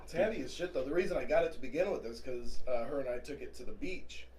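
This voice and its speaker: A man's voice: medium pitch, fast talker, darkish tone, far from the mic, slight background noise. Joking man heard from across an echoey room. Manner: joking, mimics sounds in stories. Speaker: podcast co-host. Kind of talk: casual chat. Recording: echoey room, away from mic.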